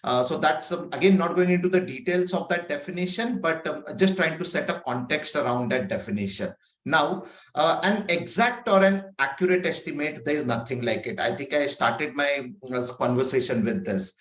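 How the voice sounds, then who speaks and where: Male agile coach from India, conversational trainer with a higher voice, echoey call audio. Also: normal speed, fairly bright tone. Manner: conversational, many fillers, rhetorical questions. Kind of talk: online training session. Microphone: video call.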